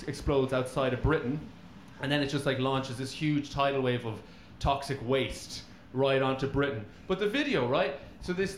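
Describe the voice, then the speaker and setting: A man's voice: medium pitch, a little hiss or hum. A man doing sweary, laughing crowd work on a comedy stage. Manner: sweary, laughing, animated storytelling. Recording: echoey live room with crowd.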